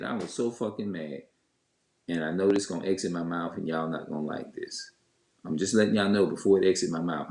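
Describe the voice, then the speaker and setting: A man telling viewers a story in a heated, cursing rant, stopping and restarting often. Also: sits low. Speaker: vlogger. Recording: echoey room.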